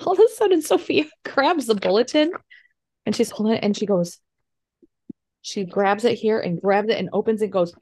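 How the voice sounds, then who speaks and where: A middle-aged woman, a mother, telling a family story in casual chat over a video call, animated and laughing often. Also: mid-range voice, normal speed. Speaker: podcast co-host, mother.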